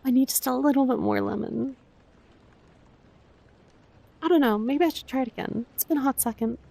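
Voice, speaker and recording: A woman streamer chatting casually with her viewers, soft-spoken and emotional, with frequent swearing. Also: high voice, normal speed, vocal fry. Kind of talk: casual live-stream chat.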